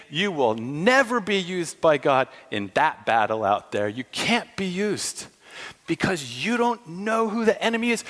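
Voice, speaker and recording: A man's voice: high voice, a bit bright. A man preaching a sermon in an impassioned, emphatic way, acting out dialogue. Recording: long hall reverb.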